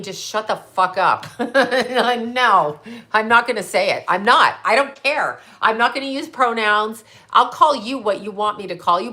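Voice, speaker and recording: A woman's voice: on the high side, pushed and bright. A middle-aged woman hosting a livestream, ranting bluntly and with a lot of swearing. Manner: blunt, profane, indignant. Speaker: livestream host. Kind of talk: casual livestream rant.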